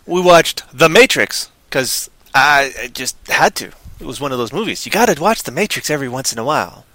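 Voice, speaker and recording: A tired man rambling on a casual podcast, goofy, with sudden loud silly outbursts. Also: medium pitch, expressive, brisk, no room sound. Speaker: podcast co-host.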